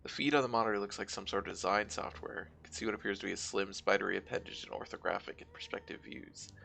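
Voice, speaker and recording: Reading a game's narration aloud while streaming, a man speaks fast in a gravelly, fairly low voice. He breaks up the steady reading with casual side comments.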